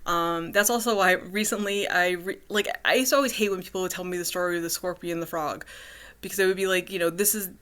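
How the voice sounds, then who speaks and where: A woman talks straight to the camera in a loose personal vlog. Her voice is bright and forceful and sits fairly low. She rambles, restarts her sentences and fills gaps with "um" and "like.". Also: steady tone, quick pace. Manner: rambling, many fillers and restarts. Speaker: vlogger.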